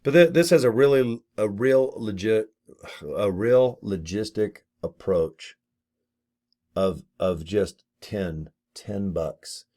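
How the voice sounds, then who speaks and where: A man's voice: fairly low pitch, slow, dark tone. A man in his late fifties talking casually to camera about a business opportunity, folksy and blunt with mild swearing and rambling asides. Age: 50s. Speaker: network marketing affiliate. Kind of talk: casual to-camera sales chat.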